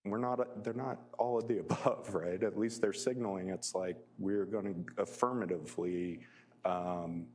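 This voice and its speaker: A man's voice: on the low side, fairly even intonation, normal speed, darkish tone. A man giving a public lecture as a guest speaker, conversational and full of fillers, often chuckling as he tells personal stories.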